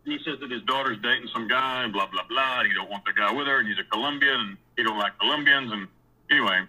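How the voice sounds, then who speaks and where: The audio is poor as a man speaks quickly in a medium, slightly rough voice about his own life. His telling is rambling and casual, blunt and profane, with frequent restarts and repeated words, turning animated whenever he recounts a scene.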